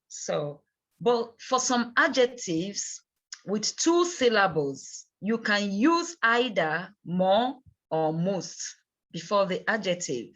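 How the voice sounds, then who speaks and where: A woman teaching English grammar in a bilingual lesson, slow and patient, repeating words and checking in with "okay?". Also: medium pitch, fairly bright tone. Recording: dull lo-fi recording.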